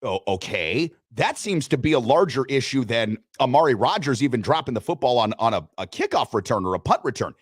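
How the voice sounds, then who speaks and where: A man's voice: medium pitch, very animated, fairly quick, hardly any pauses, husky, no echo, clean studio sound. A man hosting a sports radio show, chatting loosely, joking and reading sponsor spots. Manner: loose, joking, swears casually. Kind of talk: casual sports talk with live sponsor reads.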